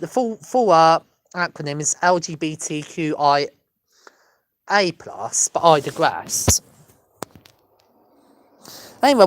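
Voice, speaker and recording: A woman's voice: fairly low pitch, fairly bright tone, no echo. An Englishwoman vlogging alone, rambling from joke to joke and apologizing often. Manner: apologetic, digressive, laughs at own jokes. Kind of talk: rambling solo comedy chat.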